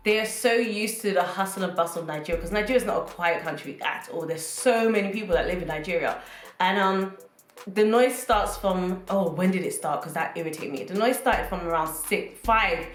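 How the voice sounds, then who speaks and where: Animated British woman vlogging, roomy echo. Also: medium pitch. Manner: animated, joking, addresses viewers as guys. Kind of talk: casual comedic monologue to camera. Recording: roomy echo, faint music.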